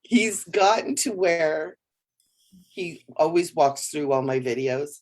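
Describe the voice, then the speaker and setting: Low-voiced woman co-hosting a spiritual livestream. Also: slow pace. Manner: relaxed, rambling and playful, with soft laughs. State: tired. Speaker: co-host. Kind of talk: casual spiritual chat on a livestream.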